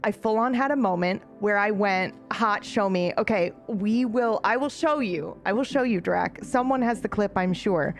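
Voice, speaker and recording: A woman's voice: medium pitch, moderate pace, few pauses, soft background music. A woman streamer chatting casually with her live chat, bubbly and giggly, with frequent laughs and asides.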